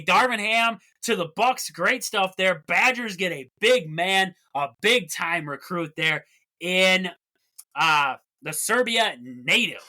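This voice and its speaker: A man's voice: high voice, bright, forceful tone. A man hosting a solo sports podcast, chatty and jokey, with rambling asides. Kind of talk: casual solo sports talk.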